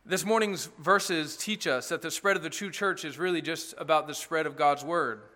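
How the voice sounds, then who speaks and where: A man's voice: on the high side, moderate pace, sharp tone. A man preaching an earnest, emphatic sermon as pastor, with asides to the congregation.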